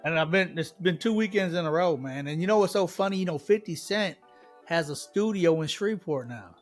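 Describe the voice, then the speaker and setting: A man with a notably high voice co-hosts a casual podcast. He chats in a relaxed, slangy way, with faint music behind him. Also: brisk. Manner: laid-back, slangy. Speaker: podcast co-host. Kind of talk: casual chat.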